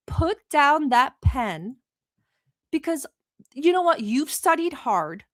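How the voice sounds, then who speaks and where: A woman's voice: high voice, fairly bright tone, no echo, clean studio sound. A woman from the Middle East, whose first language is not English, hosting a casual livestream and chatting with viewers in a teasing, talkative way. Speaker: livestream host reacting to videos.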